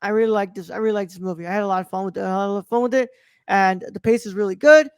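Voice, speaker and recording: A woman's voice: mid-range voice, very fast, smooth, dry recording, studio quality. A woman co-hosting a podcast, chatting casually about a film in a loose way, with lots of fillers and the odd swear word. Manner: loose, profane, full of fillers. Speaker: podcast co-host. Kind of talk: casual movie review chat.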